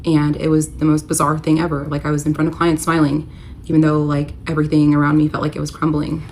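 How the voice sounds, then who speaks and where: A woman's voice: deep voice, completely flat delivery, quick pace, darkish tone, a little hiss or hum. Candid, emotional woman telling her story. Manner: emotional, candid, uses filler "like" often. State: tearful at moments. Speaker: storyteller recounting her marriage. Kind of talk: confessional storytime vlog.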